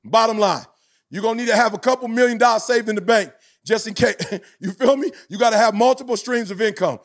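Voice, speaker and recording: A man in his forties giving a passionate podcast talk as a motivational speaker, emphatic with a preacher-like cadence that rises into shouts. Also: sits high, a little fast. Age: 40s.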